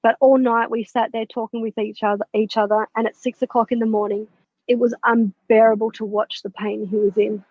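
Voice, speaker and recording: A woman telling a personal story as a podcast guest, animated and candid, with swearing and laughter. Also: a little high, brisk, dry recording. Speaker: podcast guest, spiritual mentor. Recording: dull lo-fi, dry sound.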